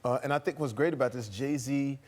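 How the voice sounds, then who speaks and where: A man's voice: mid-range voice, fairly quick. A man appearing as an actor guest on a chat show, telling his stories in an easygoing, rambling way. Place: TV studio.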